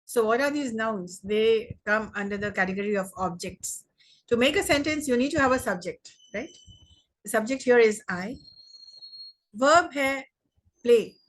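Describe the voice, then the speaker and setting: A young Indian woman teaching an online English grammar lesson, slowly repeating words and sentences for emphasis. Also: on the high side.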